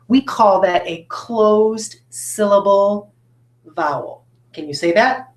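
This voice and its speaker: Upbeat woman teacher, echoey room. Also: on the low side. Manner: upbeat, talks straight to students with frequent checks like "right?". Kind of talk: recorded classroom phonics lesson. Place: classroom with a whiteboard.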